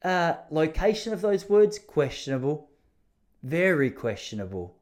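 A man's voice: on the high side, big pitch swings, measured pace, darkish tone. A man with an Australian accent telling comic stories in a chatty, rambling, self-mocking way. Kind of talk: casual comic storytelling monologue.

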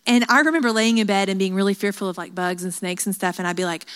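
A woman's voice: mid-range voice, steady tone, fast talker, few pauses, fairly bright tone, clean tone. Woman teaching a bible study to a women's group, chatty and earnest, voice rings out in a big echoey hall. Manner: chatty, earnest, with asides and fillers. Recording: hall reverb.

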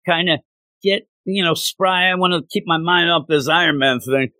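A man voicing a blustering, boastful tyrant warlord who taunts loudly while recounting a comic story. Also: a little high, normal speed, no room sound, pitched above the performer's own voice.

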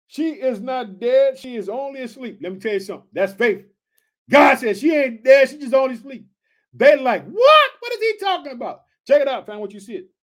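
A man preaching an informal sermon, reading scripture and breaking off to address listeners as family in an excited, slangy, emphatic way. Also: very high voice.

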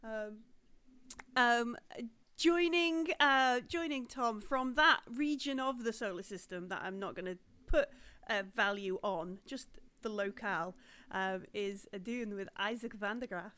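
A woman's voice: on the high side, a little slow, sharp tone, smooth. A woman hosting and running a live tabletop role-playing game, chatty and full of fillers and laughs. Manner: chatty, laughing, lots of ums. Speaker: game master.

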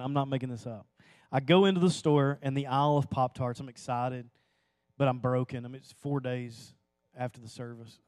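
A man preaching a sermon to a church audience, telling a personal story that swells into impassioned pleading and drops to hushed, slow emphasis. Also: medium pitch, dry recording. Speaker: pastor.

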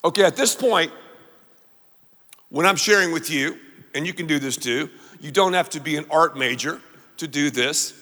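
A man preaching a sermon, leading the congregation to repeat lines back to him in an animated way. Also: on the high side, big-room sound. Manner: animated, call-and-response with congregation. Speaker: pastor.

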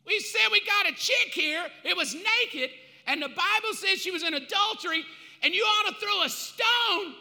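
Man acting shouting male accusers, high, piercing, echoey hall. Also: normal speed, vocal fry, heavily acted. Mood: indignant shouting. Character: loud indignant male religious accusers.

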